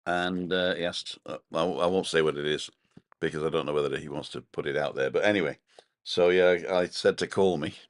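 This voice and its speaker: A man's voice: extremely low pitch, fairly even intonation, fairly quick, dry recording. A man co-hosting a casual live stream from his balcony, rambling chattily and reading out viewer comments. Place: home balcony.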